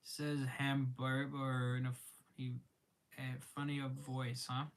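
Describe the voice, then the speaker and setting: A young man with an Australian accent chatting casually on a live stream while eating lunch, halting often with ums and restarts and greeting viewers by name. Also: mid-range voice, monotone.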